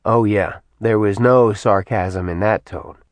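A man narrating an audiobook in a soft, even storytelling manner. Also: lowish voice, unhurried, no room sound. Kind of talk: scripted narration.

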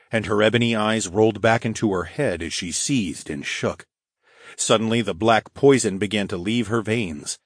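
Low-voiced man narrating an audiobook. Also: no room sound, clean studio sound. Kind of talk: first-person fantasy audiobook narration.

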